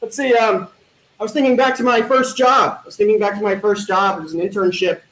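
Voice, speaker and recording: A man doing stand-up one-liners at an online talent show, with a deadpan punning delivery and hesitant fillers. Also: high voice, brisk. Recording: echoey room.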